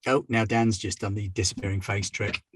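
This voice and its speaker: A man's voice: lowish voice, flat delivery, fairly quick, fairly bright tone, husky, no echo. Guy game-mastering, wry and matter-of-fact, dry sound. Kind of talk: narrating a tabletop game.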